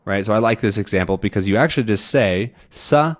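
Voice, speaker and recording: Easygoing male English teacher, lowish voice. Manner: relaxed, thinks aloud with many ums and "right?" checks; drawn-out demonstration of sounds. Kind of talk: casual explanatory lesson.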